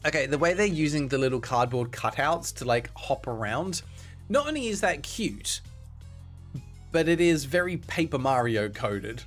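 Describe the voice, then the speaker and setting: Lively chatty Australian man streaming. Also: mid-range voice, normal speed, faint music behind. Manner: chatty, greets viewers by name, reads game lines aloud. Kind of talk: casual let's-play commentary.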